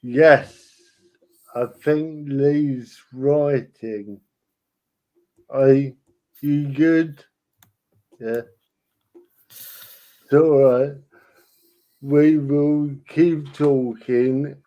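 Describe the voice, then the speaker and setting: A man hosting a casual chat, talking slowly and deliberately, often in short replies. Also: medium pitch, fairly even intonation, highs cut off. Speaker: host.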